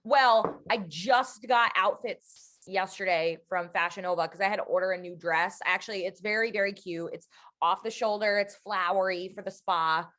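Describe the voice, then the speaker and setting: A young adult woman co-hosts a podcast, chatting casually and telling stories with animation. Her mid-range voice moves at a moderate pace, and she slips into playful voices as she goes.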